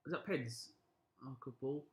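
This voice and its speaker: A young man from Birmingham with a Birmingham accent, chatting and reacting loudly while hosting a football watch-along stream. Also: medium pitch, normal speed. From Birmingham, England. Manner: chatty, reacts loudly, plugs likes and subscribes. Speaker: live stream host. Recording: echoey room.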